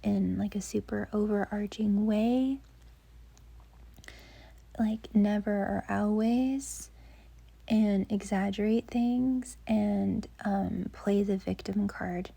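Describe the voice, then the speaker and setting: Slow whispering woman with gravelly breath. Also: mid-range voice, steady tone. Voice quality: soft whisper. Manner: gentle, rambling, frequent "like" fillers. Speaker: dating advice vlogger. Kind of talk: whispered advice monologue.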